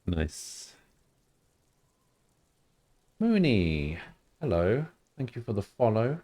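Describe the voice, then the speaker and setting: A man's voice: lowish voice, sing-song, extremely slow, warm tone, no echo. A man streaming a video game live, chatting casually and joking at his own expense. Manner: joking, self-mocking, laughs often.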